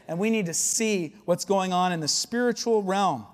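A man's voice: high voice, normal speed, big-room sound. A male pastor delivering a sermon, earnest and often asking the congregation questions.

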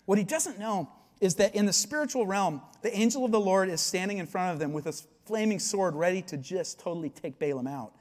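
A male pastor delivers a sermon with lively storytelling, acting out the voices of the people in the story. His voice sits high for a man. It rings out with a long reverb, as in a big church hall. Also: a little fast, few pauses.

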